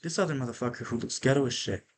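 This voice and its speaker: A man hosting a podcast, telling stories in an energetic, casual monologue that is full of profanity and tag questions like "right?". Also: mid-range voice, very fast. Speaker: podcast host.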